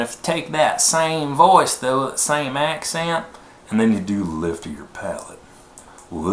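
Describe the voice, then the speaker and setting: A man's voice: mid-range voice, a bit bright, lightly acted. A man voicing an easygoing blue-collar Southern man with a nasal twang. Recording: echoey room, faint noise.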